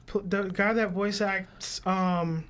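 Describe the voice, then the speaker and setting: A man's voice: sits high, fairly even intonation, takes it slowly, fairly bright tone. A man co-hosting a podcast, arguing his points insistently in casual chat. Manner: insistent, argumentative. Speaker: podcast co-host.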